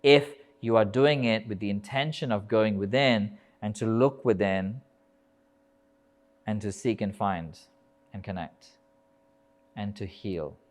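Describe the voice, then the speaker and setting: At an indoor yoga festival, a man gives a live motivational talk as a yoga teacher, emphatic and building rhythmic lists while swearing casually. His voice sits on the low side, and he takes it slowly with frequent pauses.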